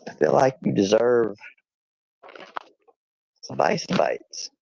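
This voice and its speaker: A man streaming from home, telling an animated story casually and swearing freely, and cooing at his dog. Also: slow pace, creaky, no echo, poor audio. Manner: animated, swearing, high-pitched when imitating animals; coos at his dog in a high sing-song.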